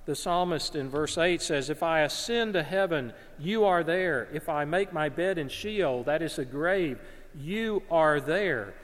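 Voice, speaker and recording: A man's voice: on the high side, expressive, measured pace, fairly bright tone, in a large hall. A man from North Alabama, preaching a sermon in an earnest manner and often repeating words as he searches for them.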